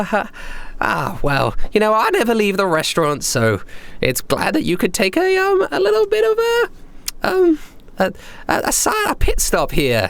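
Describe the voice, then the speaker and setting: A man's voice: high voice, creaky, pitched above the performer's own voice, exaggerated voice. A man voicing an awkward, nervous woman who stammers and forces laughs.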